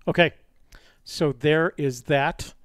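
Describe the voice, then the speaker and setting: A man's voice: on the high side, fairly even intonation, slow, no echo, studio quality. A man hosting a live-streamed call-in show, talking in a chatty, rambling way with many fillers. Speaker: host.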